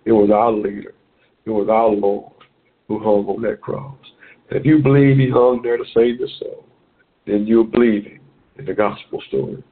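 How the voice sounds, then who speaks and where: A man's voice: on the low side, fairly even intonation, moderate pace. A man preaching a Bible lesson with rhythmic, repetitive phrasing, as on a call-in radio program. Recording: tinny phone-like radio audio.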